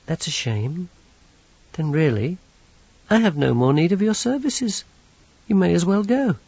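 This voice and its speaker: A coldly polite young man, voiced by a male reader, speaks with precise, mocking courtesy that carries a quiet menace. His tone is slightly husky. The recording is dry and dull, with a lo-fi sound. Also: high-pitched, animated, a little slow, no room sound, voice pushed up, exaggerated voice. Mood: silky menace.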